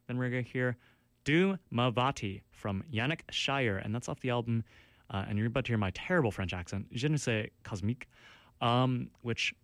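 This campus radio host has a medium-pitched, fairly bright voice, recorded dry on a studio mic. He chats casually through track notes, full of fillers and restarts, and teases himself.

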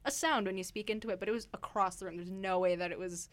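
A woman's voice: mid-range voice, steady tone, fast. A woman co-hosting a casual studio chat, rambling through stories with frequent laughs. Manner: giggly, rambling storyteller. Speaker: radio co-host. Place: radio studio.

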